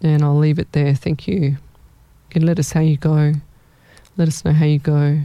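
A woman's voice: deep voice, flat delivery, normal speed, dark tone, smooth, dry recording. A woman hosting a live-stream as a psychic medium, chatty and rambling, often repeating her words. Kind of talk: live-stream readings for viewers.

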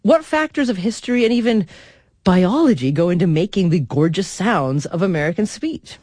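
A woman hosting a radio talk show, introducing the topic and the guest in an articulate, expressive way from a studio microphone. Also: on the low side, normal speed, dry recording. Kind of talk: scripted radio introduction and interview.

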